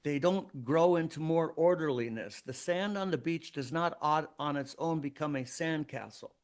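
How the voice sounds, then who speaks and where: A man's voice: on the high side, moderate pace. Emphatic man preaching on his podcast. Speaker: podcast host. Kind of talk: solo podcast monologue.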